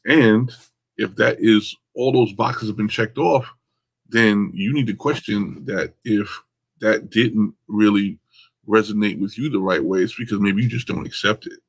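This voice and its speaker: Man, co-host, husky voice, low pitch, measured, thoughtful. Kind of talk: casual discussion.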